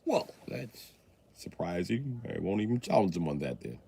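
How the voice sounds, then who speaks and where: Male streamer, deadpan sarcasm, swearing, pitch swinging widely; casual live chat. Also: moderate pace, gravelly, breathy edge. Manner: sarcastic, profane, mock-serious. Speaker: livestreamer.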